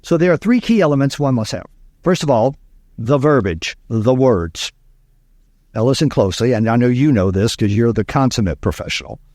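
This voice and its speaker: A man's voice: mid-range voice, animated, normal speed, darkish tone, no room sound, studio quality. A man from Louisiana, a speaking coach telling stories in an interview, emphatic and repeating key lines. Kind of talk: interview storytelling.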